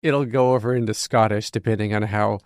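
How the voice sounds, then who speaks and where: A man's voice: lowish voice, steady tone, brisk, a little mellow, no room sound, clean studio sound. A man hosting a podcast, asking questions in a playful, joking way. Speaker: podcast host, interviewer. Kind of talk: casual interview chat.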